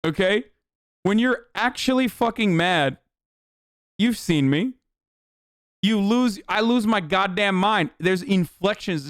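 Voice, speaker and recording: A man's voice: high-pitched, fairly bright tone, no room sound, clean studio sound. A man hosting a live stream, talking casually, heated and incredulous, and swearing a lot. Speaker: streamer host.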